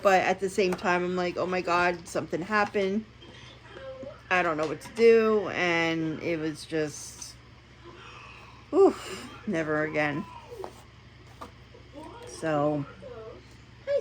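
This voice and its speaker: A middle-aged woman talks straight to the camera. Her voice sits a little low, and she rambles through the story, often stopping to restart a sentence. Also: a bit bright, rough recording. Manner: chatty, rambling, with many restarts. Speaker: vlogger. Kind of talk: casual storytelling vlog.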